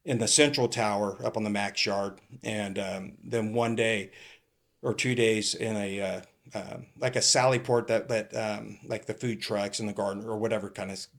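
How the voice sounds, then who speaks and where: A man's voice: on the low side, fairly even intonation, moderate pace. A middle-aged man from California, a retired police captain, telling rambling stories in a casual interview, swearing and acting out what people said. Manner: rambling, swears, acts out quoted lines.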